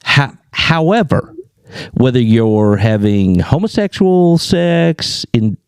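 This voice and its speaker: Mellow-voiced man hosting a podcast. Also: mid-range voice, very animated, slow, smooth, dry recording, clean studio sound. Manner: emphatic, reacts with short interjections. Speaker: podcast host. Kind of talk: casual chat.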